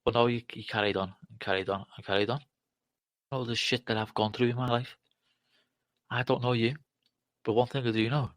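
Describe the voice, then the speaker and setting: A man, a guest on a live talk show, speaking haltingly with repeated words, hurt and confrontational. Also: medium pitch, fairly even intonation, fairly bright tone, dry recording.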